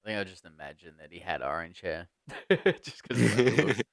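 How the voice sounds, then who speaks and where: A man's voice: low voice, sing-song, brisk, vocal fry, a bit bright, no room sound, studio quality. A man in casual chat who laughs a lot and chimes in with short reactions.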